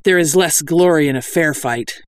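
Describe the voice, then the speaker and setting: A man's voice: on the high side, normal speed, no echo, clean studio sound, close to an everyday voice. A man voicing an eager, savagely cheerful young warrior woman in a storybook reading. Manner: joyously savage.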